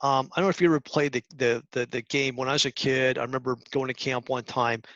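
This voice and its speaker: A man's voice: mid-range voice, fairly even intonation, fast talker, fairly bright tone, dry recording. Earnest middle-aged man coaching teens. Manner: earnest, coaching, with frequent restarts and role-played examples. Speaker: guest speaker to high school students. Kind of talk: presentation talk. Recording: dull lo-fi sound.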